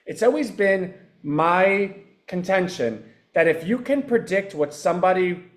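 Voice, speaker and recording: A man's voice: high voice, animated, a little slow. A man who founded a company, explaining his AI product in a loose, rambling live-stream chat with self-deprecating asides.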